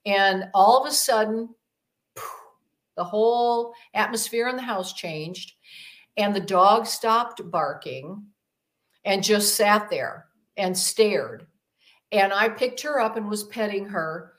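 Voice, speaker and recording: A woman's voice: mid-range voice, slow. A woman guest telling a personal story in an interview, rambling with many fillers and acting out the voices she quotes. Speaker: podcast guest, demonologist.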